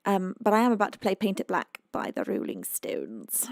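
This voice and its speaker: A chatty British woman hosting a live music stream from home, reading viewers' messages aloud with frequent exclamations. Her voice carries a gravelly, creaky edge. The sound is dry and close, with little room echo. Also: medium pitch, sing-song, moderate pace. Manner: chatty, exclaims often, reads chat aloud. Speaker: livestream music host. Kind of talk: casual chat with viewers.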